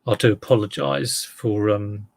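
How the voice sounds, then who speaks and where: This Englishman runs an online reselling vlog and chats casually, drifting between subjects and teasing himself along the way. His voice is fairly low and steady, a touch slow, with some vocal fry.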